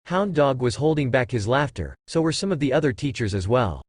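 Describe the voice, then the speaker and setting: A man's voice: mid-range voice, very animated, brisk, breathy edge, no room sound, clean studio sound. A man narrating a fan-fiction story and reading every character in much the same voice. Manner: reads every character in one voice.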